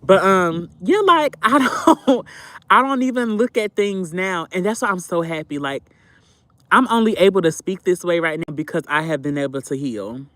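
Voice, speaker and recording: High-pitched guy streaming live, aave, repeats himself a lot, talks to chat like sister, baby, super dry sound. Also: lively intonation, moderate pace, fairly bright tone, no echo. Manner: talkative, repeats phrases, addresses viewers as sister and baby. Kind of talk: casual livestream chat with viewers.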